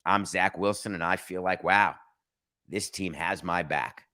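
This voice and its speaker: A man's voice: low voice, measured pace, bright, forceful tone, dry recording, studio quality. A man sarcastically voicing a young male quarterback who is falsely upbeat about his team. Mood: mock excitement. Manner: sarcastic, mock-cheerful.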